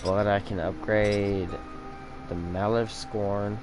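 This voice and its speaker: A man commentates casually on his own gameplay with a somewhat low voice, speaking slowly. He rambles and thinks aloud while fighting the hiccups. Game music plays clearly behind him. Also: level tone. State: has the hiccups.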